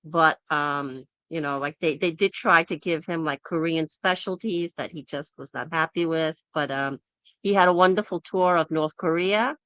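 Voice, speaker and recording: A woman's voice: low voice, moderate pace, smooth, dry recording. A woman hosting a casual group discussion over an online call, telling stories and acting out the people in them. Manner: animated storyteller who acts out quoted people.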